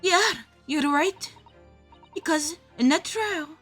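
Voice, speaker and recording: A woman's voice: takes it slowly, a bit bright, soft background music, heavily acted. A woman voicing a scrappy, defensive young street girl with a put-on Cockney accent while reading game dialogue aloud. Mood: confessing. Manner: high, pushy, clipped street slang.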